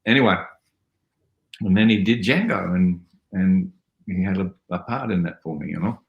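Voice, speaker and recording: Older Australian man, very low voice, chatty storyteller, echoey room on a video call. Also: moderate pace, creaky, highs cut off. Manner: rambling, animated storytelling with mimicry. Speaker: actor guest. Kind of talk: casual interview anecdotes.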